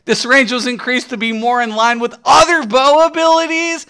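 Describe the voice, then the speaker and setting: A man giving profane, excitable commentary as he reacts to game patch notes, swearing constantly and breaking into laughter. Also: sits high, moderate pace, hardly any pauses, smooth. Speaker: gaming streamer.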